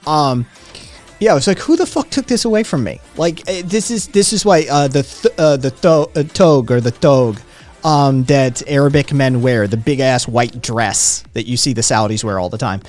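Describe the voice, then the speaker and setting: A brash man hosts a livestream and talks back to his viewers in a loose, teasing way. He swears freely and needles the people he answers. Faint music plays low behind him. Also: moderate pace, a little mellow. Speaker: livestream host.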